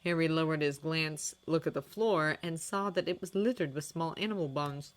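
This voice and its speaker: A woman narrating a fan fiction audiobook with expressive, dramatic storytelling. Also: low voice, normal speed.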